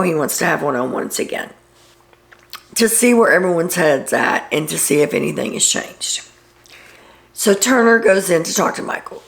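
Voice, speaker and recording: A woman's voice: fairly low pitch, creaky. A woman hosting a reality TV recap, retelling events in a casual, gossipy way with sarcastic asides.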